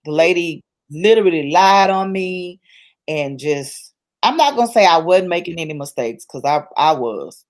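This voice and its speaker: A woman's voice: lowish voice, expressive, moderate pace, a little mellow. Emphatic woman telling her story. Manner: colloquial, church-rooted speech. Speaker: interview guest. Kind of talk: personal testimony in conversation.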